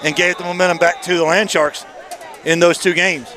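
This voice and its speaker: A man doing folksy, lively play-by-play for a high school football game at an outdoor stadium. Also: brisk, some chatter behind, a little hiss or hum. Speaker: play-by-play announcer. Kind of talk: sports commentary.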